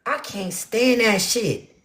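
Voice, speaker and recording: A young woman rants bluntly and profanely to her viewers, swinging between loud outbursts and muttered asides. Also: a little high, slow pace. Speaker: spiritual vlogger. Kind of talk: ranting casual monologue to viewers.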